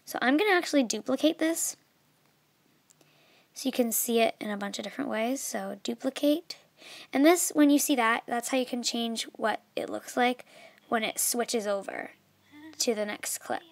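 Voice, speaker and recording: A young woman talks through an app step by step in a loose, chatty way. Her voice sits a little high and sounds dry and close to the mic. She often drifts into softer, trailing asides. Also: expressive, normal speed, vocal fry, no echo. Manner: chatty, filler-heavy, trails off softly. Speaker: video tutorial maker. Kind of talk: casual screen tutorial.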